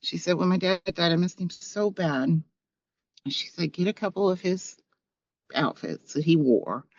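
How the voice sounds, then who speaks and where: Woman, gravelly voice, soft reflective story, muffled dry audio. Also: on the low side, moderate pace, no echo. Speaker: guest. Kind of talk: emotional personal conversation. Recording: dull, dry sound.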